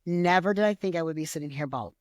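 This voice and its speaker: A woman's voice: on the low side, fast talker, a little mellow, no echo, studio quality. A woman co-hosting a podcast, talking candidly about a personal change. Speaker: podcast co-host. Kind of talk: casual chat.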